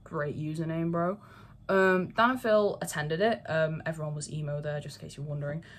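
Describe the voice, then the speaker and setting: Talking to camera, this young fandom creator rambles casually, peppering her speech with fillers and curse words. She has a low-pitched voice with fairly even intonation and speaks a little fast.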